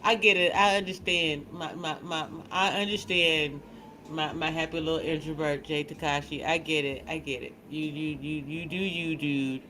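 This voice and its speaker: A woman hosting a casual livestream. She chats in an animated, teasing way, laughs often, and restarts her sentences a lot. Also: low-pitched, moderate pace, a little hiss or hum, low-quality recording. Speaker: livestream host.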